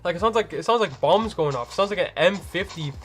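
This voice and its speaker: A man's voice: high voice, lively intonation, fast. A man hosting a livestream and chatting casually with viewers from home, rambling and packed with slang fillers. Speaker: livestream host.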